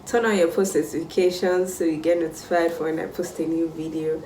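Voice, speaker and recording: A young Nigerian woman telling a casual storytime vlog, animated and exclamatory. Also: lowish voice, brisk, distant mic, background noise. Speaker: vlogger. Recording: roomy sound, mic set back.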